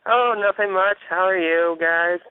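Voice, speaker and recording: Brief: male caller, high smooth voice, joking along, heard over a tinny phone line. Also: a little slow, dry recording. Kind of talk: casual call-in chat.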